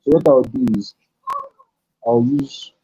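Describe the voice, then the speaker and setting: Halting man teaching code, dark muffled voice. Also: medium pitch, fairly even intonation, slight background noise. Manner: halting, thinks aloud while typing. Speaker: programming tutor. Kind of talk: live-streamed coding lesson. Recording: dull lo-fi stream audio.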